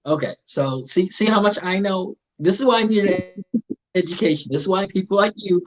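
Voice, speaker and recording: A man's voice: high voice, brisk, highs cut off, slight background noise. A man hosting a casual interview show, playful and joking, often repeating his words. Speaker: host.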